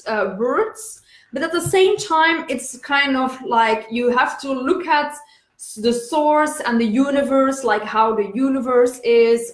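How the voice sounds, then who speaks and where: A woman talking casually to camera about self-help, gentle and repetitive, with many fillers and restarts. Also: high-pitched, reverberant. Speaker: self-help video host.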